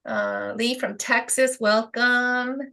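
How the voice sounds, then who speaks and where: A woman's voice: fairly high pitch, steady tone, slow, gravelly, bright, forceful tone. A woman with a Rhode Island accent hosting a live question-and-answer stream, chatty and upbeat, greeting viewers. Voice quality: chatty, upbeat, with fillers and little laughs. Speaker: host of a self-publishing Q&A.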